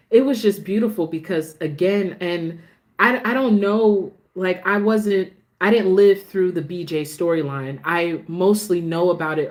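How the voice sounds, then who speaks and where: Low-voiced woman chatting about soap episodes. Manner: chatty, restarts sentences, gets emotional about the show. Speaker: soap opera recap host. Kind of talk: casual chat.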